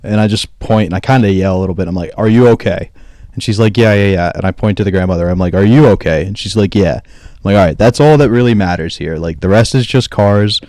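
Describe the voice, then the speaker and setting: A man's voice: low-pitched, fast, darkish tone, dry recording. A man in casual podcast chat, telling a long rambling story and acting out what everyone said. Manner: rambling storyteller who acts out quoted dialogue.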